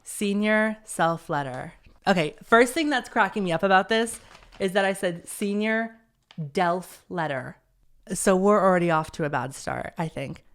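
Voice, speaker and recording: A man's voice: sits high, animated, measured pace, fairly bright tone. A young man hosting his own podcast, talking casually and rambling with a self-deprecating humor. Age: young adult. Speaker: podcast host. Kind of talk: casual solo podcast chat.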